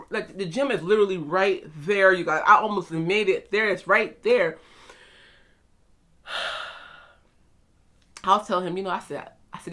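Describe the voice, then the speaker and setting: A young woman vlogger in casual chat, telling a story with animated, breathless energy and quoting her own panic. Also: medium pitch, moderate pace.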